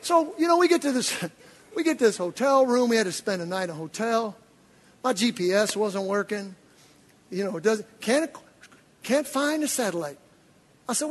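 High-voiced husky older male preacher. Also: normal speed, pauses often. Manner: animated, swinging from low asides to loud excited outbursts. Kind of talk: sermon storytelling. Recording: long reverb of a large hall.

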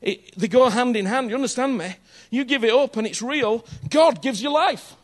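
High-voiced man preaching earnestly. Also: normal speed. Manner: earnest, conversational, checks in with "you understand me?"; repeats phrases for emphasis. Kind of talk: sermon.

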